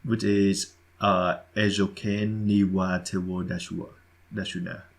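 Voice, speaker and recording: Man, podcast co-host, deep voice, halting and repetitive delivery. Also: flat delivery, gravelly. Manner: hesitant, repeats words, halting phrasing. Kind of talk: casual podcast chat.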